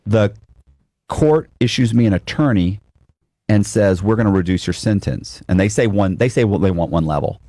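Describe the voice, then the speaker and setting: A man telling a story in a casual chat, animated and swearing, acting out the voices of others. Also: lowish voice, moderate pace, dry recording, clean studio sound, faint music behind. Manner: animated, acts out quotes, swears. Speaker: guest telling his story.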